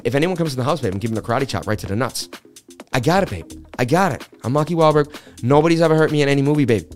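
A man's voice: medium pitch, animated, rapid-fire, faint music behind, close to an everyday voice. A man putting on a boastful macho movie-star voice, calling everyone "babe" and bragging about his toughness. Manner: repeats "babe" constantly, boastful.

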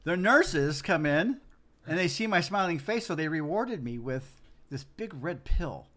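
A man's voice: a little high, expressive, measured pace, bright, forceful tone. A man telling a long rambling story on a casual podcast, full of fillers and acted-out quotes. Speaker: podcast guest, the host's uncle.

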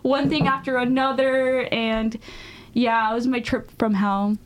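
A woman's voice: fairly high pitch, level tone, a little slow. A young woman co-hosting a casual chat, telling a long story full of fillers. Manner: chatty storytelling with lots of fillers. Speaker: podcast co-host.

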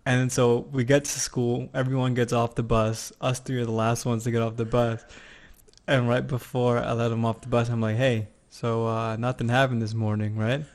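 A man's voice: medium pitch, moderate pace. A young man chatting casually, telling a childhood story and acting out the voices of the people in it. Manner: animated storyteller, acts out voices. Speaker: podcast guest.

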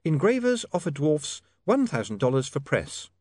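A man's voice: a little high, big pitch swings, moderate pace, darkish tone, dry recording, clean studio sound, voice pushed up. A man doing a prim, snappish young woman. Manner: primly snappish.

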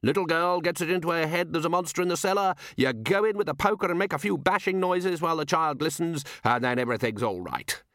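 A man's voice: a little high, fast talker, few pauses, fairly bright tone, dry recording, clean studio sound, pitched above the performer's own voice. A man doing a pompous, condescending dinner guest.

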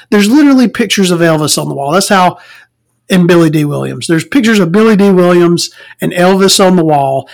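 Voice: medium pitch, vocal fry. A podcast host, ranting casually and profanely, full of fillers and asides. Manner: profane, rambling, frequent fillers.

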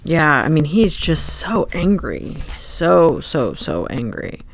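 A co-host in a casual book discussion, chatty and quick to chime in with agreement. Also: mid-range voice, big pitch swings, slight background noise. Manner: chatty, lots of short agreeing interjections. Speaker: podcast co-host.

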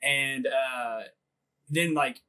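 A man's voice: mid-range voice, steady tone, extremely slow, bright, forceful tone, smooth. A man in his thirties on a comedy podcast, telling a crude story in a rambling way, laughing often and leaning on filler words. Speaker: podcast co-host.

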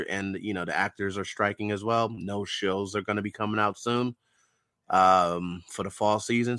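A man's voice: on the low side, no room sound. A man co-hosting a podcast, chatting casually and ranting with plenty of swearing. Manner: animated, profane ranting. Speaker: podcast co-host.

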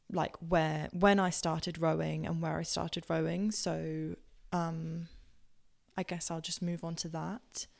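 A woman's voice: fairly low pitch, vocal fry. Rambling posh-accented English woman. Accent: posh southern English. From Southampton, England. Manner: rambling, with many fillers and self-corrections. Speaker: podcast host. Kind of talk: casual personal storytelling.

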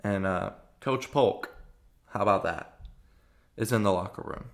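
A young man from Arkansas hosting a podcast, telling a story in a chatty, animated way with lots of fillers. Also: on the low side, measured pace. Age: young adult. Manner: chatty, frequent fillers and restarts, animated retelling. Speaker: podcast host. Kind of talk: casual storytelling monologue.

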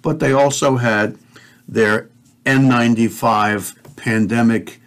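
A man in mid-range pitch hosting a talk show. He delivers a heated, preachy rant, swears freely and talks straight to his listeners. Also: steady tone, slow pace, a bit bright. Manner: fiery, profane, preachy, addresses listeners directly. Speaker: podcast host.

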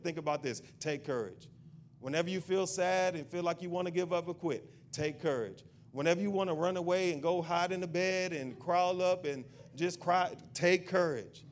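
A man's voice: fairly high pitch, brisk, a little hiss or hum. A male pastor preaching a sermon in a church. He repeats his point insistently and builds into a fervent prayer.

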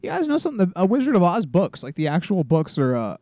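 A man's voice: sits high, huge pitch swings, quick pace, warm tone, dry recording, clean studio sound. A man in his twenties hosting a solo comedy podcast, rambling and self-deprecating, swearing often and restarting his sentences. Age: 20s. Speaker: podcast host.

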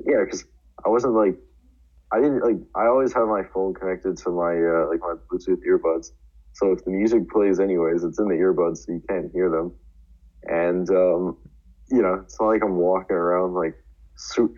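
A man's voice: sits low, fairly even intonation, moderate pace, a little mellow. A young man telling a rambling school story in casual chat, full of fillers. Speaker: podcast co-host. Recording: dull lo-fi sound.

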